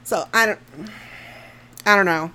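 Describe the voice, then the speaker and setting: A woman's voice: mid-range voice, a little slow, pushed and bright, clear, resonant tone. A woman co-hosting a casual movie review podcast, talking frankly with plenty of swearing, laughing often and sometimes trailing off mid-thought. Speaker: podcast co-host.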